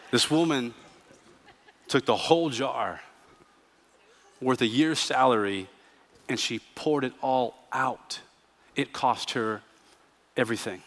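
A man preaching a sermon as pastor, telling stories with humor and moving between hushed reflection and emphatic declarations. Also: medium pitch, slow pace, pauses often. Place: church sanctuary. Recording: church sanctuary with long reverb.

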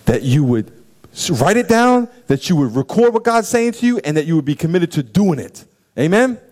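A man preaching a sermon, animated and acting out scenes and quoted voices for the congregation. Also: fairly high pitch, moderate pace. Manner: animated, acts out stories and quotes. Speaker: pastor.

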